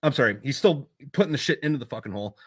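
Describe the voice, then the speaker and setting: A man's voice: mid-range voice, very fast, slightly rough. Profane man telling war stories. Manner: profane, animated storytelling. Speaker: podcast guest. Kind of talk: casual storytelling.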